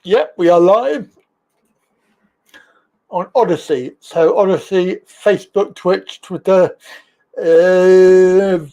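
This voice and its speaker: A man hosting a live stream, easygoing and talkative. His voice sits high for a man, and he takes his time, drawling through greetings and chat comments with frequent chuckles. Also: takes it slowly, long pauses, dark tone. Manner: chatty, reads viewer comments aloud, laughs often. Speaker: live-stream talk show host.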